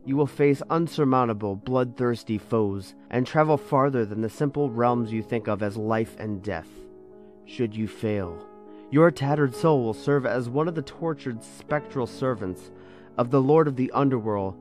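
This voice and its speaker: A man narrates in a grand, foreboding horror-storyteller voice. His pitch sits in an ordinary middle range. Faint music plays behind him. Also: normal speed, a little mellow. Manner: booming ominous narrator voice that turns flustered. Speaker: narrator in a comic audio story.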